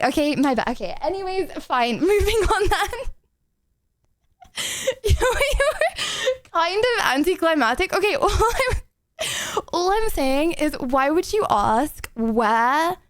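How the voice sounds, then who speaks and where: A woman's voice: high-pitched, no room sound. A young woman streamer chatting casually to her audience, giggly, rambling and self-deprecating. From England.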